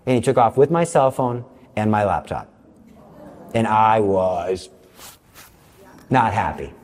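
A man telling a faith story to an audience with self-mocking humor, his voice jumping high whenever he quotes someone. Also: takes it slowly. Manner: animated, jumps high for quoted lines. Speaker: Catholic speaker. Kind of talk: storytelling talk. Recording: long hall reverb.

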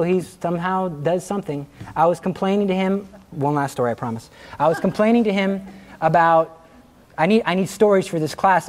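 A man teaching a class through personal stories, his voice sitting a bit high for a man. He tells his stories with animation, breaks into laughter at his own jokes and acts out the people he quotes. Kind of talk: anecdotal classroom talk.

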